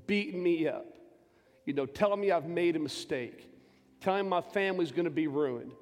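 Fervent preacher man in an echoing church. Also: a little high. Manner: emotional storytelling preaching, swelling to loud fervent peaks. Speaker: pastor. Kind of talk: sermon. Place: large church sanctuary. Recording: long church reverb with faint music.

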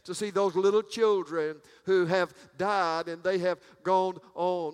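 A man's voice: high-pitched, fairly even intonation, measured pace, hardly any pauses, clear, resonant tone. A man preaching a sermon in a church, folksy and emphatic, stumbling into frequent restarts, with long reverb. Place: church sanctuary.

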